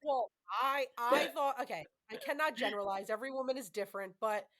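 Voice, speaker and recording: Woman, 30s, podcast host, casual chat, candid, filler-heavy, slightly high voice. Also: fairly quick, a bit bright. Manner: chatty, candid, frequent fillers.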